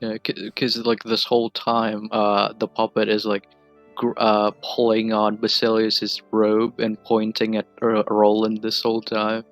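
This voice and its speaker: A man's voice: fairly low pitch, monotone, a little slow, soft background music. A man talking hesitantly with many fillers as a player in a casual tabletop game.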